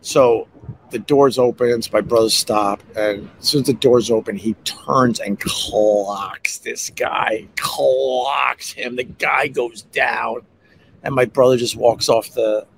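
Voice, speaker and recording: A man hosting a podcast, telling personal stories in a casual, heated way that jumps up in pitch when he gets riled. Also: fairly even intonation, unhurried, creaky, soft background music. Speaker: podcast host. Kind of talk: casual storytelling monologue.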